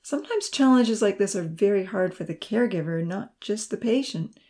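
A woman reading the lines of a kind, fatherly male professor in a storybook, speaking gently and tenderly. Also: medium pitch, expressive, normal speed, close to an everyday voice.

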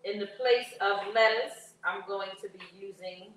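A woman's voice: mid-range voice, steady tone, measured pace, fairly bright tone, roomy sound, slight background noise, poor audio. A woman chatting playfully with viewers as she cooks in someone else's kitchen. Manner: playful, sing-song, talks to viewers as y'all. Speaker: cooking vlogger. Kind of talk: casual cooking vlog chat.

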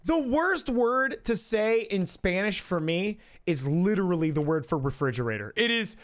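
A man's voice: high-pitched, sing-song, normal speed. A man streaming live, chatting casually in a rambling, profane way that keeps cutting itself off and restarting. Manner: rambling, profane, self-interrupting.

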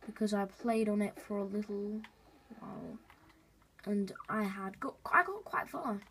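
A woman's voice: mid-range voice, breathy edge. A woman hosting a gaming video, chatting casually and rambling to viewers as she plays. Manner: chatty, rambling, talks to viewers while playing. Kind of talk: casual gameplay commentary.

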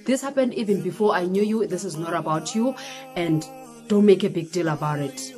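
A woman voicing her ex-boyfriend as a curt, dismissive young man in a lowered, flat voice. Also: fairly quick, music in the background, close to an everyday voice.

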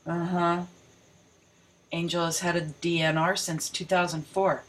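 A woman's voice: fairly low pitch, little pitch movement, a little slow, a bit bright, rough recording. A woman reading news articles aloud and breaking off to mock them, rereading lines for emphasis. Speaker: video commentator.

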